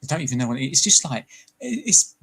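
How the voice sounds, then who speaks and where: A man's voice: mid-range voice, very animated, quick pace, gravelly, a bit bright, slightly rough, poor audio. A British man chatting casually on a livestream, joking and laughing often. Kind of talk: casual chat.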